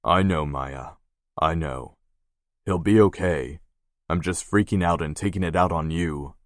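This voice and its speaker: Man voicing a gruff tattoo artist, curt, swearing, very deep voice, dry sound. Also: unhurried, no room sound. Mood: soothing. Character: gruff, guarded young male tattoo artist.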